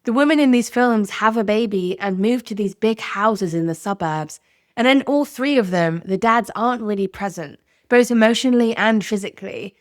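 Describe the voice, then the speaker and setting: A woman's voice: mid-range voice, normal speed, dry recording, clean studio sound. A woman hosting a podcast, narrating in a candid, conversational way. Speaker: podcast host. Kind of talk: scripted narration.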